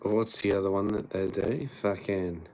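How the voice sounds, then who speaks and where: Male streamer, low voice, relaxed laughing banter, light background hiss. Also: moderate pace. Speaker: live streamer. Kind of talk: casual live-stream chat.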